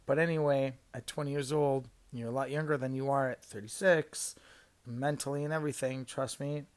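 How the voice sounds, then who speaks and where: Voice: medium pitch, fairly even intonation, normal speed. A podcast host in their thirties telling a work story in a rambling, casual way, with lots of fillers, self-corrections and swearing. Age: 30s.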